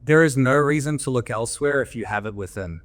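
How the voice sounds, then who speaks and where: A brisk, medium-pitched Australian man talks as a podcast guest. He's a men's coach who tells candid stories in a blunt coaching tone, swearing freely along the way.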